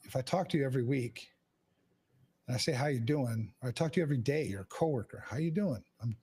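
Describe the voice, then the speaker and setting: A man's voice: medium pitch, fast, a little mellow, breathy edge. A man hosting a podcast, talking frankly and casually, swearing often and restarting his sentences. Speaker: podcast host. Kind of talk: candid casual conversation.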